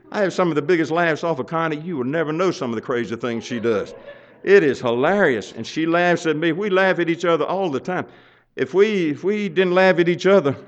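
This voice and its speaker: An older man preaching a folksy sermon, telling stories and building up to loud urging. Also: on the high side. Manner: storytelling, chuckling, rising to loud exhortation. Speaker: pastor. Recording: muffled lo-fi sound.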